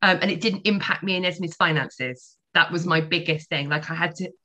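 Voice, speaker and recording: A woman's voice: fairly low pitch, moderate pace, pushed and bright. A woman in her forties, a podcast guest telling her personal story candidly, swearing freely.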